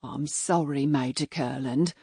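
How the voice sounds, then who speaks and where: A woman's voice: a bass voice, fairly even intonation, measured pace, dark tone, slightly rough, no room sound, pitched below the performer's own voice, heavily acted. A woman voicing a defiant, protective farmer's wife who speaks firmly. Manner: firm, defiant.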